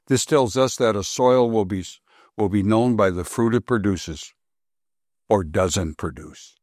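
A man's voice: lowish voice, measured pace, a little mellow, no echo, studio quality. A man preaching a sermon to his congregation, repeating phrases for emphasis and putting questions to the listeners. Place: congregation hall.

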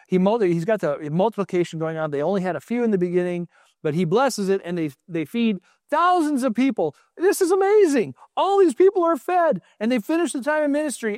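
Brief: animated male preacher, chatty sermon, asks the room questions, dry recording. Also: extremely high pitch, no room sound. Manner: conversational, asks the audience questions, animated storytelling.

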